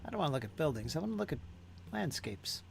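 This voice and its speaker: A man's voice: on the high side, sing-song, quick pace, vocal fry, a little hiss or hum. A man hosting a miniature painting stream, chatting casually and musing aloud as he reads viewer comments and repeats words to himself. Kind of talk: casual chat while painting and reading viewer chat.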